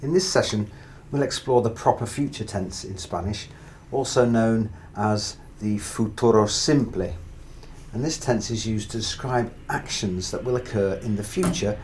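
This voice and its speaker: A man teaching Spanish grammar, calmly walking through verb endings in a methodical lesson. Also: lowish voice, slight background noise. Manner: steady, methodical, drills through conjugations. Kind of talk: explanatory language lesson.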